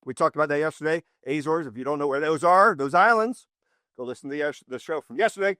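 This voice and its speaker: Animated, rambling man host. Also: quick pace, dry recording, studio quality. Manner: rambling, restarts often, animated swings in pitch. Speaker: podcast host. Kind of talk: casual faith-history talk.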